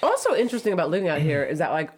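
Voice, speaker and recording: A woman from South Florida in a relaxed chat, laughing often and spelling words out letter by letter. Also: on the low side, rapid-fire, husky. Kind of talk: casual chat.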